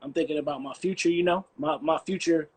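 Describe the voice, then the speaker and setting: A man from Chicago talking on a video call in a casual, animated, joking way and swearing freely. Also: a little high, fast, slightly rough. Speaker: guest musician.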